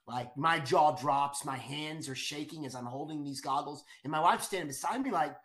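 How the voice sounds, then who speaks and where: A man's voice: a little high, normal speed, a bit bright. A middle-aged man eagerly telling a personal story, with lots of restarts and repeated words. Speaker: guest storyteller. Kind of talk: animated storytelling.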